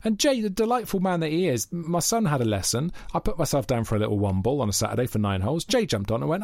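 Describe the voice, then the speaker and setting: A man's voice: a little high, very animated, quick pace, gravelly, few pauses, a little mellow, no echo. A man chats casually on a podcast, spinning long self-deprecating stories. His voice swoops up and down with feeling. The sound is dry and close. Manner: self-deprecating, rambling storyteller. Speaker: podcast co-host. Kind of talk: casual chat.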